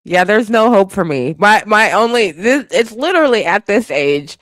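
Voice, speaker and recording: A woman's voice: mid-range voice, lively intonation, moderate pace, dry recording. A woman hosting a casual live stream, laughing often and sounding playfully exasperated.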